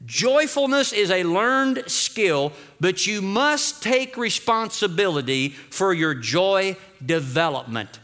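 A man preaching a lively sermon as pastor, urging the congregation to repeat phrases after him. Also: high voice, slow pace, few pauses.

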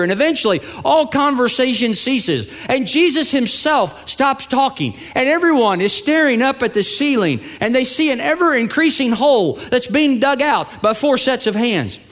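A man's voice: very high-pitched, fairly bright tone. A male pastor preaching a sermon, telling stories and acting out the voices of the people in them. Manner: storytelling with acted-out voices, building to emphatic peaks.

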